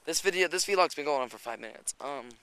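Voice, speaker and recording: Slightly breathless, a man shoots a handheld walking vlog out in the hills near a creek, rambling fast, swearing casually, and adding chatty asides. His voice is on the high side and sharp-toned, with lively intonation. A little background noise can be heard.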